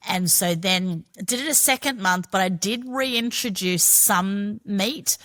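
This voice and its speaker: Speaking slowly in a mid-range, somewhat bright voice, a middle-aged Australian woman tells her story on a podcast. The talk is candid and personal, and she's frank, chatty, and unafraid to swear.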